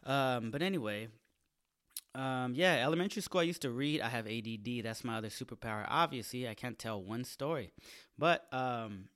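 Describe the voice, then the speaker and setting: Bright-voiced, hyped-up joking comedian. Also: male voice, medium pitch, clean tone. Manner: energetic, profane, self-mocking joking. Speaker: stand-up comedian and podcast host. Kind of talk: solo podcast intro monologue. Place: small studio apartment, indoors.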